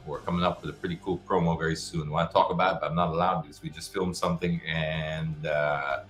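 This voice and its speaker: Man, deep low voice, live show host, casual frank advice, echoey room. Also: level tone, fast, a bit bright. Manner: casual, frank advice-giving with many restarts. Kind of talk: live-stream Q&A, answering viewer questions. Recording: roomy echo with faint music behind.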